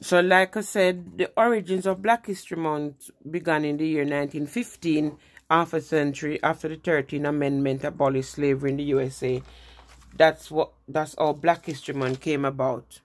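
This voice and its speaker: A woman's voice: low voice, fairly even intonation, normal speed. A woman giving an informal history lesson in a conversational way, often restarting phrases. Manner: conversational, with frequent restarts and "you know". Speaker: presenter.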